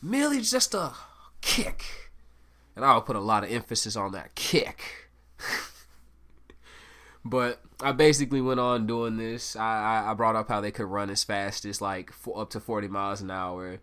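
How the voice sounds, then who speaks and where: A man's voice: on the low side, steady tone, moderate pace, bright, forceful tone, clean tone. A young man hosting a solo podcast, rambling and swearing through a casual story with self-mocking asides. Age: young adult. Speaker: podcast host.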